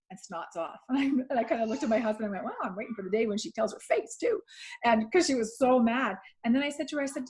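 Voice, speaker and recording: A woman parenting coach talking earnestly on a video call, often repeating herself and acting out what she and her child said. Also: mid-range voice. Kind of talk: casual webinar chat.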